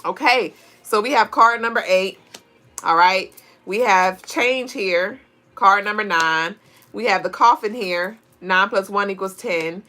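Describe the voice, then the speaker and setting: A woman's voice: mid-range voice, unhurried, bright, forceful tone. A woman hosting a live tarot reading, chatty and playful, talking to her viewers in a style. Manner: chatty and playful, laughing often, talks to chat viewers. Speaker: livestream tarot reader and astrology host.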